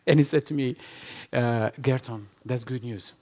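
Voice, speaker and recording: A man speaks at a live conference, hammering points with repetition. His voice sits in a middle pitch, and he laughs easily as he answers questions. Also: a little slow, darkish tone. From Albania. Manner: emphatic, repetitive, laughs often. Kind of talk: conference talk and Q&A. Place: conference hall with live audience.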